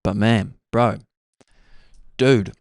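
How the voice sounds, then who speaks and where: A man's voice: lowish voice, fairly even intonation, drawn-out words, vocal fry, darkish tone, no room sound, studio quality. A young man hosting a podcast, talking in a laid-back, meandering way and dropping "bro" often. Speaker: podcast host. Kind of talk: casual rambling monologue.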